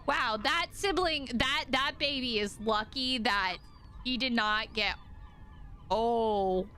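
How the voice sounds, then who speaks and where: A woman streamer reacting in casual livestream chat, excitable and swearing often. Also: fairly high pitch, slow, slight background noise.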